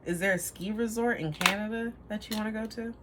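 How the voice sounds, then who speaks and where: A woman's voice: mid-range voice, steady tone, brisk, heavy background noise. A woman giving a casual tarot reading to camera, rambling, trailing off and laughing at herself. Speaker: tarot reader.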